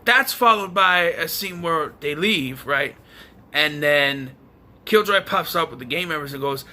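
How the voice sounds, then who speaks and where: Bright, lively-voiced young man ranting. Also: fairly high pitch, a little slow. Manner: exasperated, sarcastic ranting. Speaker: movie reviewer. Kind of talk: casual video review.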